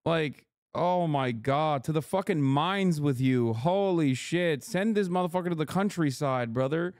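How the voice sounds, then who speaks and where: Male political streamer; incredulous, profane, sarcastic commentary, a touch high, dry room. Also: a little slow, darkish tone, no echo. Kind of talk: live reaction commentary.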